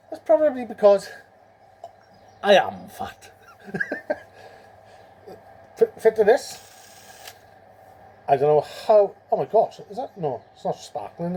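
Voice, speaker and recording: A man's voice: high voice, dark tone, a little hiss or hum. A man chatting casually while restoring a motorbike in his home workshop, rambling and self-mocking.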